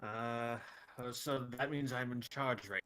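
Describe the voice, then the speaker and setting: A man's voice: medium pitch, slow, a bit bright. A man playing a tabletop game, speaking casually and a little stumbling. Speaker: player. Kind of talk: casual chat and in-character play.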